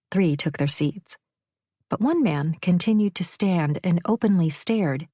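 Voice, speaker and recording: A woman reads a romantic novel aloud in a measured storytelling voice. Her pitch sits on the low side for a woman. The recording is dry and close, with no room sound at all. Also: lively intonation, warm tone, breathy edge, no room sound. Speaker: audiobook narrator. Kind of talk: scripted narration.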